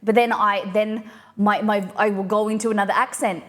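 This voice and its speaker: A woman's voice: fairly low pitch, little pitch movement, normal speed. A young woman from Australia with a mild, blended Australian accent, chatting casually on a live cooking stream and answering her viewers as she rambles. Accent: mild Australian, mixed and softened.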